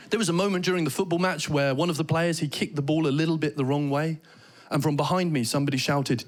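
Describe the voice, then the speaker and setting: A British man doing stand-up comedy, telling animated stories and trying out mock Danish phrases. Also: a little high, quick pace, a little hiss or hum. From Britain. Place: theater stage before a laughing audience.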